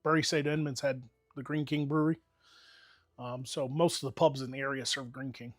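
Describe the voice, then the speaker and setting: A man's voice: mid-range voice, steady tone, a little fast, no echo, clean studio sound, soft background music. An American man streaming and chatting casually, telling rambling, profane stories with lots of fillers. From United States. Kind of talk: casual chat.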